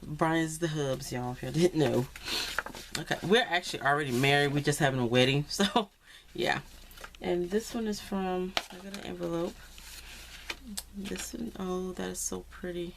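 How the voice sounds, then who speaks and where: Background noise sits under a woman's fairly low, gravelly voice as she talks at a moderate pace. She's a crafting vlogger doing a casual happy-mail unboxing, excitedly gushing over handmade cards and calling her viewers "y'all."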